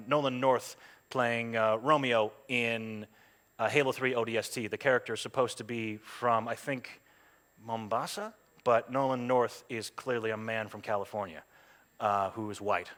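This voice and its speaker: A man who works as a voice actor, giving a chatty, anecdotal talk at a game event with lots of ums and quick voiced asides. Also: fairly low pitch, steady tone, a bit bright. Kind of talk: conference talk. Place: stage at a game jam event.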